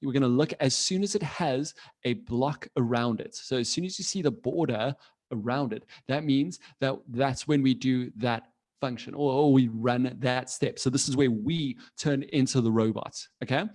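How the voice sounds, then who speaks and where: Man, mid-pitched, for a cheerful online class teacher on a video call. Encouraging, casual, laughs a lot. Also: moderate pace, darkish tone. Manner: friendly, encouraging, laughs often; casual, with fillers and restarts. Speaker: coding teacher for children.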